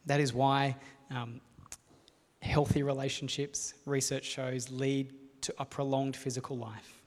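A man preaching a sermon to a gathered room, speaking in an earnest, measured way and pausing for rhetorical questions. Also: mid-range voice, little pitch movement. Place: hall with a live audience. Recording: long reverb of a large hall.

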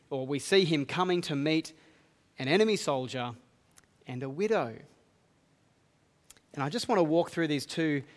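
A man preaches in a reverberant church hall, reading verses aloud and unpacking them earnestly. His voice sits a little on the high side for a man. The long echo of the hall trails after his words. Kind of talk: sermon.

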